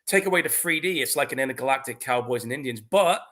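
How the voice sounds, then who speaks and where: A man's voice: mid-range voice, expressive, quick pace, sharp tone. A man co-hosting a movie watch-along podcast in casual chat, frank and profane. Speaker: podcast co-host.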